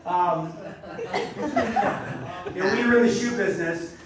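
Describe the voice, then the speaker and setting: A man's voice: high voice, very fast, over a noisy crowd. A middle-aged man telling rambling jokes at a party, chuckling through his stories. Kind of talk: stand-up joke telling at a party. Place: studio party room. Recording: roomy sound from a distant mic.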